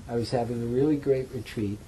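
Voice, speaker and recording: Man giving a relaxed, joking dharma talk. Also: mid-range voice, quick pace, slight background noise, poor audio. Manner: relaxed, chatty storytelling with self-mocking humor. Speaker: meditation teacher. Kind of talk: dharma talk to a retreat audience. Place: meditation center hall.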